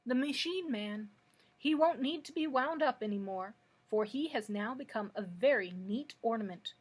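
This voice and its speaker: A woman voicing a small, hot-tempered male gnome king who blusters and yells, in a husky voice. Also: on the high side, expressive, moderate pace. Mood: blustering. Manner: blustering, yelling.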